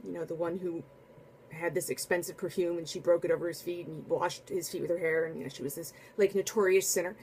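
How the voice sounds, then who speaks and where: A woman telling a casual spoken anecdote in a chatty, animated way, full of asides and restarts. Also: fairly low pitch, fast, slight background noise. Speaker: storyteller.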